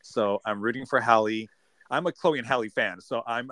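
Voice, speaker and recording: A man co-hosting a podcast in casual chat, who sounds excitable and gasps and laughs often. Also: medium pitch, moderate pace, no room sound. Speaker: podcast co-host.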